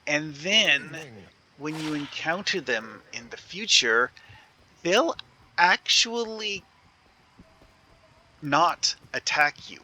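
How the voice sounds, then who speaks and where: A man's voice: on the high side, sing-song, takes it slowly, long pauses, pushed and bright. A man giving casual commentary while playing a video game, rambling and thinking aloud with many fillers and restarts. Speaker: gaming video creator.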